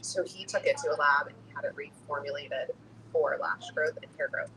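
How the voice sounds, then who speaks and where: A woman's voice: sits low, brisk, bright, forceful tone, a little hiss or hum, low-quality recording. A young woman who runs a skincare business, talking casually and laughing often. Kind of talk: casual chat.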